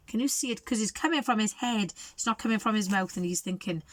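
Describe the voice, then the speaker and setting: A woman reading a picture book aloud to young children, animated and sing-song, asking them questions. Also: medium pitch, fast talker, hardly any pauses. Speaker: children's storyteller.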